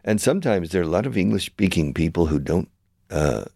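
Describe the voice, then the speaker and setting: An older man with a very low voice and a gravelly rasp, lecturing emphatically like a veteran teacher. He keeps circling back and restarting phrases to drive each point home, in a dry close sound. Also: animated, fairly quick, dark tone, no echo. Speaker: show host and language school founder. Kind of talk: conversational interview, teacherly explaining.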